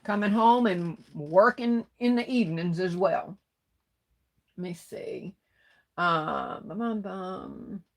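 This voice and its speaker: A woman's voice: on the low side, takes it slowly, gravelly, long pauses. A middle-aged woman hosting a livestream, reading viewers' comments and greeting each by name as sweetheart and baby, saying y'all. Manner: Southern-style speech with y'all. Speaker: livestream host reading chat. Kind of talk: casual live-stream chat.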